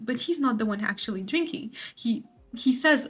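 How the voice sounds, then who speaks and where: A woman's voice: fairly high pitch, animated, fairly quick, a bit bright, slightly rough. Woman tutor explaining a play casually. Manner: casual paraphrase with acted quotes. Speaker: literature tutor. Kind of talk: study-guide explanation.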